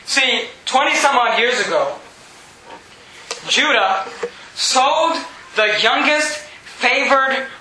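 High, bright-voiced impassioned preacher man. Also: lively intonation, slow, long pauses, a little hiss or hum. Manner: impassioned, emphatic, often shouting. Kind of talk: sermon. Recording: very echoey church hall.

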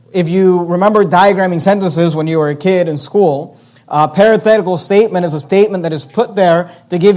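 High-voiced man preaching a sermon. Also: a little mellow. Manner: emphatic preaching, repeats key questions, slows down to stress words. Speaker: pastor. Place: church service.

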